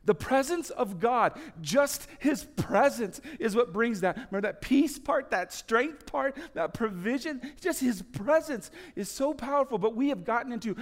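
A man preaching a sermon, telling stories with lively swings between loud, urgent lines and soft, hushed ones. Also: very high voice, moderate pace, hardly any pauses, big-room sound. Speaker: pastor.

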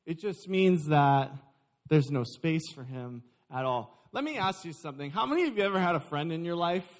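A young adult man preaching a sermon, lively and joking with his congregation. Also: fairly high pitch. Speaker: pastor.

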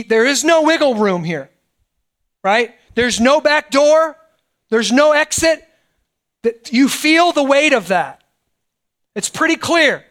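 A middle-aged pastor preaching a sermon in a conversational way, often checking in with the congregation. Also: male voice, very high voice, fairly bright tone. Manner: conversational preaching, frequent "right?" asides.

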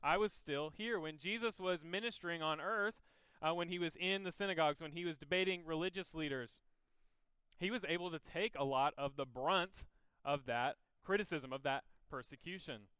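A man's voice: on the high side, moderate pace, bright, forceful tone, clear, resonant tone, no echo, poor audio. A man preaching a conversational sermon, explaining scripture and telling personal stories to make his point. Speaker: pastor. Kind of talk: sermon teaching.

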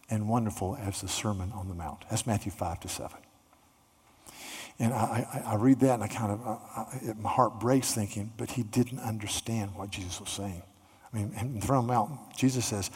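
A man preaching a sermon, retelling a story earnestly and growing excited, with frequent restarts. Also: fairly low pitch, husky, long reverb tail. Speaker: pastor.

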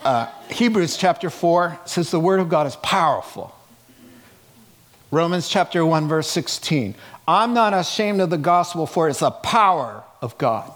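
A man's voice: a little high, lively intonation, a little slow, fairly bright tone. A middle-aged man pastor preaching a sermon in an emphatic, conversational way, with rhetorical questions to the congregation.

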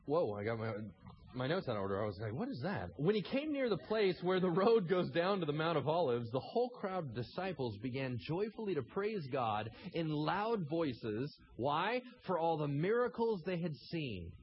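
A man's voice: a little high, very animated, normal speed, dull audio. A man preaching a sermon, asking the congregation rhetorical questions and reading scripture aloud. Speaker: pastor.

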